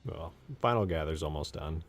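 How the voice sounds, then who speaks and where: Young man, deep voice, casual rambling chat, faint music behind. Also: normal speed. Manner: rambling, filler-heavy, laughs often. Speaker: game modding channel host. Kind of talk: casual chat while modding.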